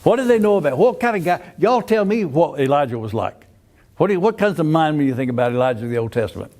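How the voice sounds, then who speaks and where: A man's voice: fairly high pitch, big pitch swings, fast talker, a little mellow. An older man leads a Sunday school Bible class. He talks in a folksy, easygoing way, keeps asking the class questions, and often restarts his sentences.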